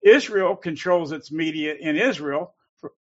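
Co-host, male, emphatic and heated, slightly high voice, dull lo-fi audio. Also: unhurried, fairly bright tone. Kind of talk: call-in show talk.

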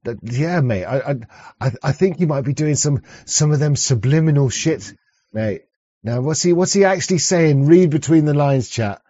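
A man's voice: a little high, expressive, moderate pace, warm tone, no echo, dull audio. Stammering sarcastic man. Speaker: streamer reacting to clips. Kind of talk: casual mocking commentary.

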